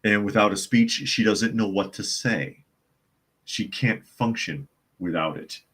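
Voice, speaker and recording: A man's voice: lowish voice, measured pace, fairly bright tone, husky. A man hosting a casual news commentary stream, reading headlines and viewer comments with blunt, scornful remarks and frequent repetition. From US South. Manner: blunt, scornful, repeats phrases for emphasis.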